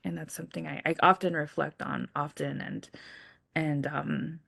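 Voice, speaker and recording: A young woman on a video panel reflects on a personal experience in a soft, halting way, full of pauses. Her voice sits low with a gravelly edge. The sound is close and dry. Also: steady tone, no echo. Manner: soft, halting, with frequent fillers.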